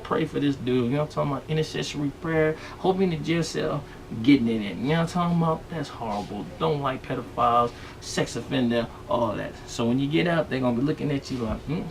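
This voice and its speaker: A man's voice: on the high side, gravelly, far from the mic, slight background noise. A man hosting a vlog, riffing on the news in a rambling, slangy comedic rant and constantly asking if you know what he's talking about. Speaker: vlog host.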